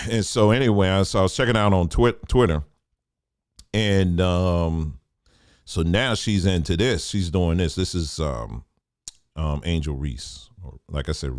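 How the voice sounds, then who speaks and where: A man in a Black talks through a casual podcast monologue, joking and wandering into asides. His pitch swings up and down expressively. The recording is close and dry, with no room sound. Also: lively intonation, moderate pace, dry recording. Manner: laid-back, joking, lots of asides and fillers. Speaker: podcast host.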